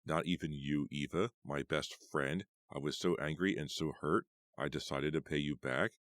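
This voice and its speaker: A man's voice: rumbling low, steady tone, normal speed, a bit bright, dry recording, studio quality. A man voicing a hurt, bitter teenage girl in an audiobook, speaking in a resentful, insistent way. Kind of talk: audiobook character voice.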